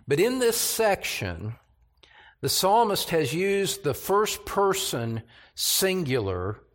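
Slow, deliberate older male preacher. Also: medium pitch. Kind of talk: expository sermon.

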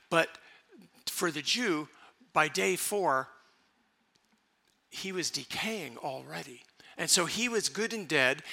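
A male pastor delivers a sermon, reading Bible verses and then unpacking them in a relaxed, conversational manner. His voice is very bright and sits a little high. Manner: reads scripture aloud and explains it conversationally.

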